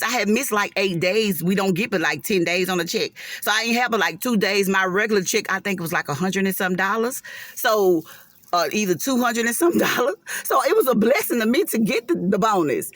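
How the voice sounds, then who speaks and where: Animated woman telling a storytime. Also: a little high, no echo. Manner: animated, emotional, churchy asides to viewers. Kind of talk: casual storytime vlog.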